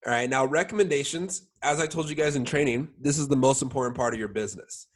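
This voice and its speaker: Talking fast in a mid-range voice, a young sales coach runs a relaxed team training. His speech is heavy on fillers like "like," and he repeatedly checks in with an "all right?"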